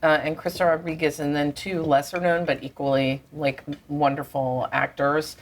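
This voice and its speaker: A woman playwright talking over lunch in a restaurant, telling stories in an animated, self-mocking way. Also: deep voice, moderate pace. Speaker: playwright guest. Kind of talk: casual lunch conversation.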